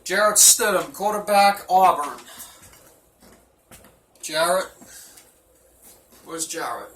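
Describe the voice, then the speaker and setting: A man rambles through a profane, mock-gruff locker-room roll call. His voice is bright and fairly high, heard from a distance in an echoey room. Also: lively intonation, slow pace. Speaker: team manager giving a speech.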